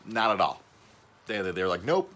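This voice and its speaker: A man's voice: fairly low pitch, a little fast, slightly rough. Rambling man hosting a podcast. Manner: rambling, stumbles and repeats words often; excitable, voice jumps up on emphasis. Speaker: podcast host. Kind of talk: casual podcast chat.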